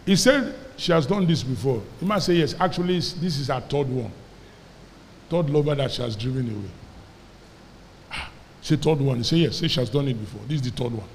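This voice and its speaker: A Nigerian man preaching a sermon, telling a story with lively quoted dialogue and having the congregation repeat after him. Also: medium pitch, a little fast, long pauses, in a large hall, a little hiss or hum. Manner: animated storyteller, quoting characters, calling on the congregation to repeat. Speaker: pastor.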